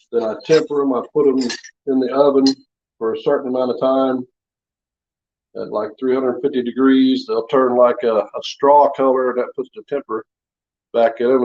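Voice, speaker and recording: A man's voice: medium pitch, darkish tone. Folksy man rambling in his workshop. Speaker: hobby blacksmith showing his knives. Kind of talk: casual show-and-tell chat. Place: home workshop. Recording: slightly dull lo-fi sound.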